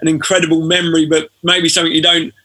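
A man, a former footballer telling stories as a podcast guest in a relaxed way. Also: fairly high pitch, fast talker. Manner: relaxed storytelling, frequent fillers. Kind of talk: casual podcast interview.

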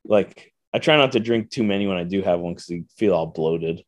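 A man with a fairly low voice, chatting in a laid-back, slightly drunk way. He often pauses with "um". The recording is dry and close. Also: no room sound. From United States. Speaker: podcast guest. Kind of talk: casual drunk chat.

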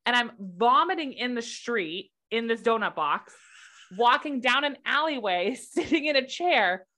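A young woman from the United States co-hosting a casual podcast, telling stories with lively acted-out quotes. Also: fairly high pitch, measured pace. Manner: animated storytelling, acts out quotes. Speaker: podcast co-host. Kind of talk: casual chat.

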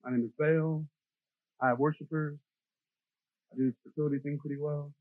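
A man voicing a smug, self-absorbed male pagan god who boasts about himself in a lower, quieter voice. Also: steady tone, fairly quick, no room sound, lightly acted. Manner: pompous, boastful. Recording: dry, tinny phone-like sound.

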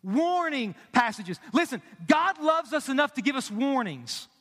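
High, bright-voiced preacher in a reverberant hall. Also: male voice, very animated, moderate pace. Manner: emphatic, asks the congregation questions, drops to quiet for emphasis. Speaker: pastor. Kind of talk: sermon. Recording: long reverb of a large hall.

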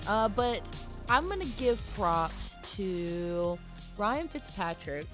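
Lively bubbly woman co-host. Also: medium pitch, slow, faint music behind. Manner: bubbly, laughs easily. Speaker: podcast co-host. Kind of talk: casual podcast chat.

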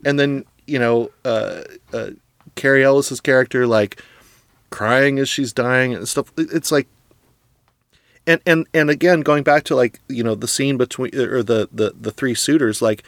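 A man in casual conversation, critiquing a movie with laughs and quick asides. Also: mid-range voice, vocal fry, no room sound. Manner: animated, laughs often, acts out quotes in passing. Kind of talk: casual film discussion.

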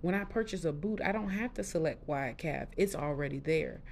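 A middle-aged woman hosting a podcast, telling her personal story candidly in a casual, expressive way with lively quoted asides. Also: low voice, a little fast, gravelly, a little hiss or hum. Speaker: podcast host.

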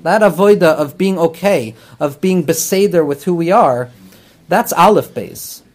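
A high-pitched man gives an earnest spoken lesson. He explains ideas patiently as a rabbi and therapist, dropping Hebrew terms into his sentences. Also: animated, measured pace. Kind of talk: talmudic teaching talk.

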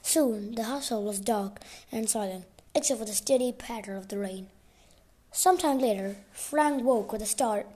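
A woman's voice: on the high side, moderate pace, mellow. A woman reading a novel aloud casually, sometimes stumbling and restarting words. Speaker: reader.

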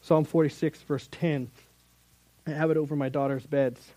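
A man's voice: a little high, flat delivery, moderate pace, dark tone, dry recording, low-quality recording. A middle-aged man preaching a sermon as a youth Bible teacher, earnest and conversational, with sudden emphatic rises.

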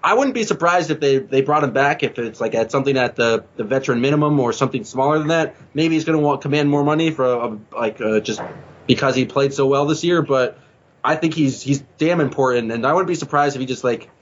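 A man's voice: medium pitch, fast talker. Rambling male podcast co-host. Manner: rambling, hesitant, many fillers. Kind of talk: casual sports podcast chat. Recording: muffled lo-fi audio.

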